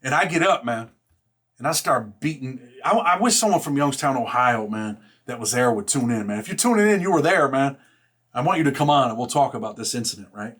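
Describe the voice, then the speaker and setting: A man casually telling a personal story in rough street slang, blunt and profane, filling every pause with "man" and "right?". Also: mid-range voice, animated, fairly bright tone.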